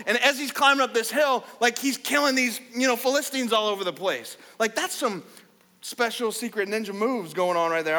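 A man preaching a sermon as pastor, energetic and conversational, with casual fillers. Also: sits high, in a large hall.

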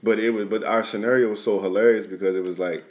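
A man hosting a casual podcast chat, loose and slangy, laughing as he tells stories and dropping low and quiet when he acts them out. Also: steady tone, quick pace.

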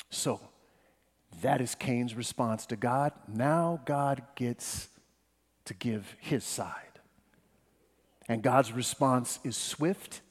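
A man preaching a sermon as pastor. He addresses the congregation directly, swinging between hushed passages and emphatic ones. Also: mid-range voice, slightly rough, big-room sound.

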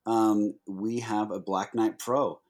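A man with a somewhat low voice co-hosts a casual podcast chat. He talks in an animated, easygoing way, with plenty of fillers along the way. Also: slow. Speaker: podcast co-host.

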